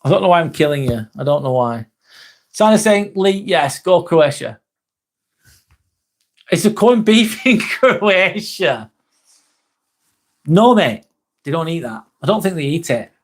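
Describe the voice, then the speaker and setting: Hosting a live vlog, a man chats casually, reads viewer comments aloud, and occasionally swears and laughs. His voice sits a little high and is expressive, with a slightly slow delivery and long pauses.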